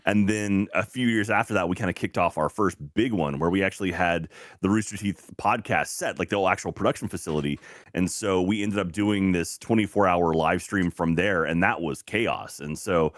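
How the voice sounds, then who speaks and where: A man guesting on a casual podcast, telling anecdotes in a quick, lively way and slipping into animated quoted voices. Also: low-pitched, dry recording, studio quality. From United States.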